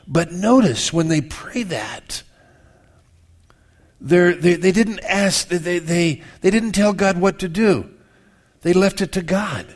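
A man's voice: on the high side, lively intonation, a little slow, darkish tone. A male pastor preaching a sermon in a conversational way, acting out people's prayers with humorous asides.

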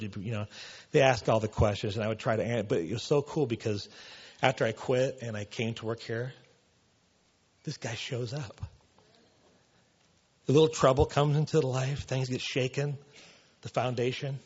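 A man's voice: mid-range voice, steady tone, normal speed, long pauses, darkish tone, husky, lo-fi sound. A man preaching a casual sermon in a church, loose and conversational, full of "you know" and "man". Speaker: pastor.

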